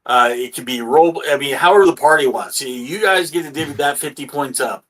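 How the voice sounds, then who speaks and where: A man running a tabletop game as game master, casual and halting with many fillers. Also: mid-range voice, fairly bright tone.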